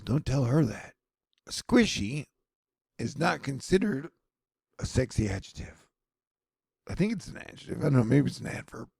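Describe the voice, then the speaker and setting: A man's voice: medium pitch, gravelly, mellow, husky, no echo. A man giving casual, rambling news commentary with sardonic, self-mocking asides.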